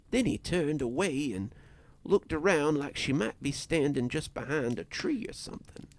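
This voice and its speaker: Guy reading a spooky story real slow, gravelly voice, lots of ups and downs. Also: a little high, sing-song. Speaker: narrator. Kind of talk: scripted horror story narration.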